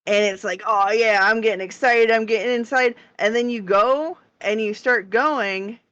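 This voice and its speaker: A woman co-hosting a podcast, telling a story in an animated way, swearing and laughing as she goes. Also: fairly high pitch, moderate pace, no echo. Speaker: podcast co-host. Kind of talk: casual chat. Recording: dull lo-fi dry sound.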